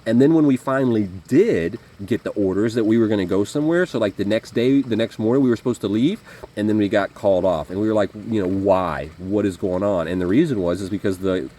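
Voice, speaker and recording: Man vlogger, lowish voice, loose rambling storyteller, faint hiss behind. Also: darkish tone. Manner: rambling, conversational, frequent fillers and restarts. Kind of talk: casual storytelling monologue.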